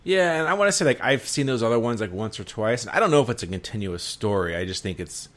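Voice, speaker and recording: A man's voice: mid-range voice, expressive, quick pace, a bit bright. A man co-hosting a casual movie podcast, laid-back and laughing often as he talks. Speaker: podcast co-host.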